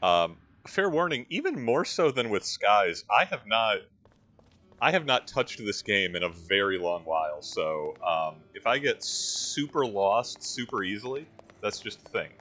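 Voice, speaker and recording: Low-pitched guy rambling over a game, voice bounces all over, music faint in the back. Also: big pitch swings, unhurried, bright, forceful tone. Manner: wry, rambling, history asides. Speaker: let's-play host. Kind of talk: casual gameplay commentary.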